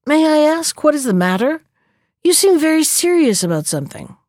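Lady doing a sneaky smooth-talking jackal, kinda high and bouncy, dry sound. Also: sing-song, moderate pace, a little mellow, no echo. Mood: sly. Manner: polite, scheming storybook voice. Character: sly cunning male jackal, smooth talker.

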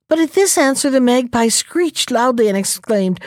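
A woman storyteller reading a folktale aloud in a gentle, expressive way. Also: fairly high pitch, moderate pace, dry recording, clean studio sound.

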